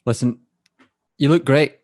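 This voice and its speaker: A young man co-hosting a podcast over a video call, joking, apologetic and halting in his speech. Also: medium pitch, a little mellow, no room sound, clean studio sound. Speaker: podcast co-host. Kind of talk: casual chat.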